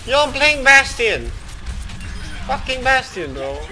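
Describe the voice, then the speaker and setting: A man's voice: very high voice, very animated, takes it slowly, faint music behind, rough recording. A young man streaming a shooter game, swearing and taunting the other players as he plays. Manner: swearing, taunting, shouting at opponents. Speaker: gamer streamer. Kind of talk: live game commentary, trash talk.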